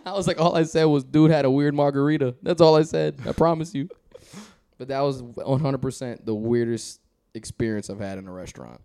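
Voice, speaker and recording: A man telling a casual story on a podcast, animated and laughing as he goes. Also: mid-range voice, brisk, clean tone. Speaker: guest on a podcast.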